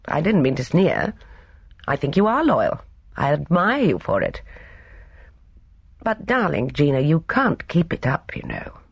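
A narrator voicing a calm, teasing young man. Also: a little high, measured pace, gravelly, pauses often, husky, no room sound, highs cut off, full character voice.

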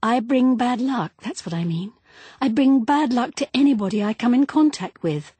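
An uneasy young wife with a husky, lively voice that rises and falls a lot, as a woman narrator reads her lines. She speaks softly and earnestly, and her superstitious streak colors every sentence of this audiobook scene. The dry recording keeps the husky grain close. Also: fairly high pitch, normal speed, no echo, pitched above the performer's own voice. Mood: despairing. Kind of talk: audiobook character reading.

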